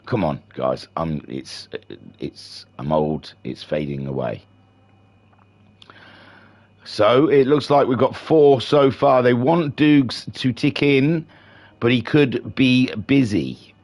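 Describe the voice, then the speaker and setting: A man's slow, medium-pitched, darkish voice carries live commentary for a sim racing league stream, with music playing behind it. He's chatty and rambling, prone to poking fun at himself.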